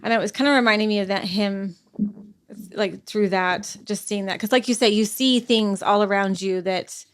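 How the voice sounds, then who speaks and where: A middle-aged woman, a podcast guest, talking through a personal story in a halting way, full of fillers and restarts. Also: medium pitch, fairly even intonation. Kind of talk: conversational interview.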